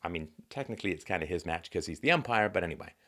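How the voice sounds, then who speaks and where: A man's voice: low voice, animated, racing, a bit bright. A man hosting a monologue commentary show, talking in a sardonic, musing way with asides.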